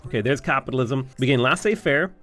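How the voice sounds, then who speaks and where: A man's voice: medium pitch, quick pace, fairly bright tone, faint music behind. A young Irish man giving chatty, enthusiastic let's-play commentary, thinking aloud as he plays a strategy game. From Ireland. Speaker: gaming YouTuber.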